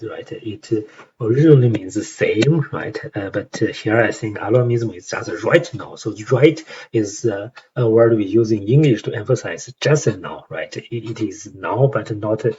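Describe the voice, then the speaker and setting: Young man, Chinese accent, low voice, halting tutorial delivery, dull lo-fi mic. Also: darkish tone, slight background noise. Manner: hesitant, many fillers and tag questions. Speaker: language learner explaining song lyrics. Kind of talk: casual tutorial explanation.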